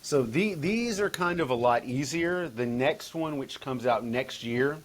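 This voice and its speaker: A man's voice: medium pitch, animated, a little slow. A man, a guest author chatting casually on a podcast, rambling with many restarts and repeats.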